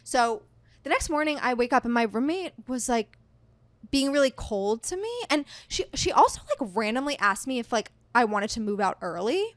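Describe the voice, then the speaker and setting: Chatty higher-voiced woman in her thirties. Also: moderate pace, dry recording. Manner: chatty, heavy use of "like", animated retelling. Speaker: podcast guest. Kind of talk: casual storytelling chat.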